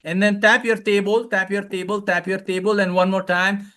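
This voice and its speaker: A man coaching a live webinar, loud and playful, calling out repeated commands and leading laughter exercises over a video call. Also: high-pitched, flat delivery, normal speed. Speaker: wellness coach, webinar speaker.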